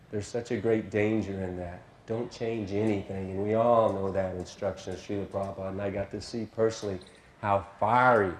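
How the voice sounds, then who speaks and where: A man with a fairly low voice gives a reflective, earnest account and leans hard on the points he wants to land. The room around him is echoey. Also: darkish tone. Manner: earnest, emphatic, careful to be understood. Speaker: devotee sharing a memory. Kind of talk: reflective personal testimony.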